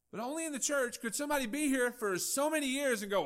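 A male pastor, preaching a folksy, animated sermon with acted-out dialogue. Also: very high voice, fast, hardly any pauses.

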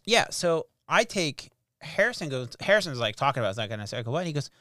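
A man's voice: fairly high pitch, very animated, fast, fairly bright tone, dry recording, studio quality. A man telling a story in casual chat, acting out quotes and swearing freely.

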